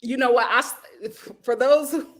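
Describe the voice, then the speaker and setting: A woman's voice: high-pitched, fairly even intonation, normal speed. A woman hosting a casual livestream, reading viewer comments aloud and laughing often as she answers them. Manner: laughs often, talks back to chat. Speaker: host reading live chat.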